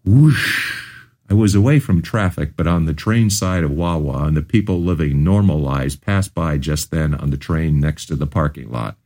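A man's voice: extremely low pitch, moderate pace, few pauses, darkish tone. A man narrating his own memoir as an audiobook, telling it earnestly in the first person.

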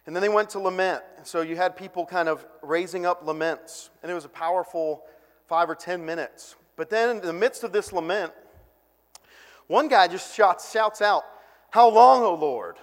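Animated preacher in a reverberant hall. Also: male voice, sits high, normal speed. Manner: animated, conversational preaching with lively quoted voices. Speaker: pastor. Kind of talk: sermon.

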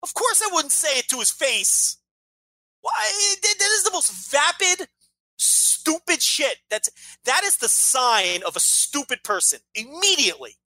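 A man co-hosts a podcast in a heated, profane rant. His voice swings widely up and down, and it sounds bright and sharp. The sound is close and dry. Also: very high voice, sing-song, a little slow, no echo. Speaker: podcast co-host. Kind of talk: casual podcast chat.

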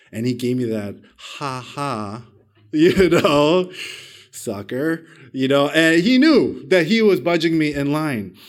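A pastor delivers a sermon built around a personal story, his pitch and volume rising and falling dramatically. He pokes fun at himself and puts questions to the congregation.

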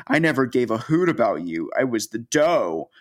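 A man voicing a bitter, greedy woman berating her partner in a shrill tone. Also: sing-song, moderate pace.

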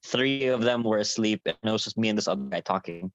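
Animated young man telling a story. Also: fairly low pitch, fast talker, no echo. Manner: animated, swearing, acts out quotes. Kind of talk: casual storytelling among friends. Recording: dull, dry lo-fi sound.

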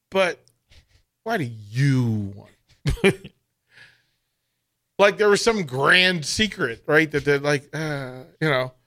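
A man spins stories on a sports radio show. His voice is raised and bright, and it swings up and down with a lot of life. He laughs often, talks in casual slang and acts out what others said. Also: fairly high pitch. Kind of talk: animated storytelling chat.

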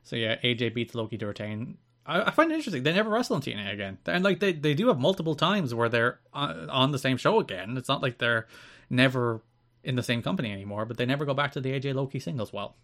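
A man chatting casually on a podcast about wrestling, his voice sitting at an ordinary middle pitch. He recaps events quickly and slips into goofy voices for quoted lines. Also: animated, fairly bright tone. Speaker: podcast co-host.

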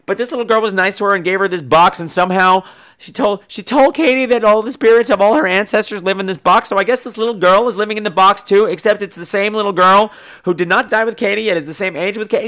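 A man's voice: high-pitched, fast. A man hosting a horror podcast, ranting sarcastically and profanely as he reviews a movie. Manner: animated, sarcastic, acts out characters. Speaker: podcast host.

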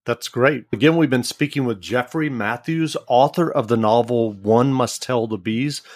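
A man hosting an interview and wrapping it up with a brisk promotional sign-off. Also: medium pitch, no room sound, studio quality. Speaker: interview host. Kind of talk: radio-style interview wrap-up.

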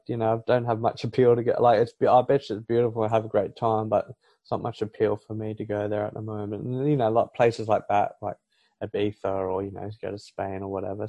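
A man's voice: lowish voice, dark tone, no echo, dull audio. A man in his thirties with an Australian accent, chatting casually as a podcast guest, with plenty of fillers, restarts and laughs. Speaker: podcast guest, English teacher. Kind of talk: casual interview chat.

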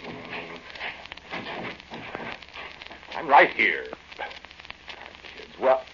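A man's voice: low voice, sing-song, very slow, pushed and bright, full character voice. An actor playing a timid, flustered man who stammers nervously, in old-time radio drama style, on a dull lo-fi recording with faint hiss. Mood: grumbling.

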